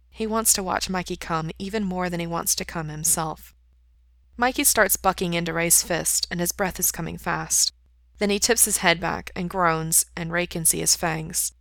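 A woman reading a story aloud in a calm, even way. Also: fairly low pitch, gravelly, no room sound. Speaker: reader. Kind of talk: storybook narration.

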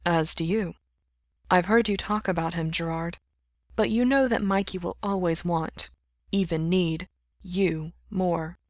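Rich: A calm, wise male friend who talks gently and evenly, as a woman reading the story voices him. The voice sits low and soft. The sound is dry and close. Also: dry recording, natural voice. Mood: gentle. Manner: gentle, measured, reassuring.

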